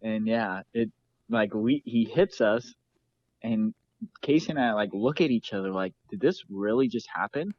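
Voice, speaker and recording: A man's voice: lowish voice, sing-song, normal speed, darkish tone, no echo, lo-fi sound. A man who is a guest on a podcast, talking in an easygoing way and often laughing. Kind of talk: casual chat.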